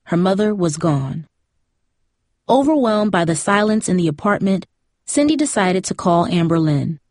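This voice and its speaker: A woman with a voice on the low side narrates a novel as an audiobook reader, moving at a moderate pace. Her delivery is steady and even, and the clean studio sound has no echo in this scripted narration.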